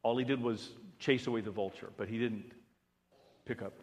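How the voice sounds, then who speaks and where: A male pastor preaching a sermon, swinging between loud emphatic passages and hushed ones. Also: mid-range voice, steady tone, moderate pace. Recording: long reverb of a large hall.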